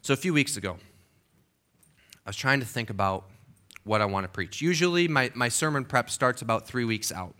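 A man's voice: mid-range voice, fairly quick, pauses often, pushed and bright. A man preaching a sermon as pastor in a church, conversational and emphatic, often checking in with the congregation. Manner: conversational, emphatic, with frequent okays and restarts.

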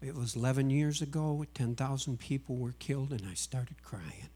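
A man's voice: medium pitch, moderate pace, warm tone. A man sharing a personal religious testimony, acting out the lines of everyone in his story with feeling. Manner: storytelling, acting out dialogue, emotional. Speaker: UPS driver and missionary.

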